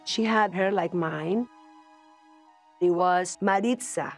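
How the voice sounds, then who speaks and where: A woman recounts an eerie personal experience in a documentary interview. Her voice sits a little low, and she speaks haltingly, repeating words and restarting. Music plays steadily beneath her. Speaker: celebrity guest recounting a ghost story. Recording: music bed under the voice. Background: background music.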